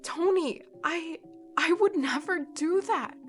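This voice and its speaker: A woman's voice: extremely high pitch, slow, faint music behind, pitched above the performer's own voice. A woman voicing a tearful, stuttering young woman. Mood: tearful, pleading. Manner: stuttering, pleading.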